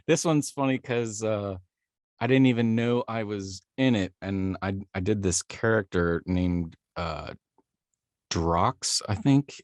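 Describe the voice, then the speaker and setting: Guy voice actor chatting in an interview, really low voice, rambly, laughs at himself a lot. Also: creaky, no echo, studio quality. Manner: rambling, self-deprecating, laughs easily. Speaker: voice actor guest. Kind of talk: casual interview storytelling.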